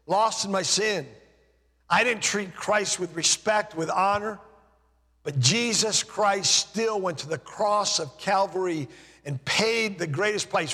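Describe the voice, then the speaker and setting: A man delivers an impassioned sermon in a high, husky voice, taking his time over each phrase. He lets his voice sink low and soft when he leans on a point. A long reverb from the hall trails behind his words. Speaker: preacher.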